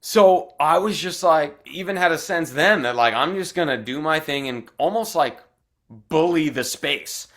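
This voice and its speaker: A young adult man from Arizona, an actor telling stories as a guest, animated and chatty with lots of "like" fillers. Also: fairly high pitch, a little slow. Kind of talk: casual storytelling in interview.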